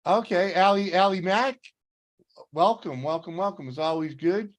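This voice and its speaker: A man hosting a casual livestream, relaxed and greeting his viewers by name. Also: sits high, moderate pace. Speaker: livestream host.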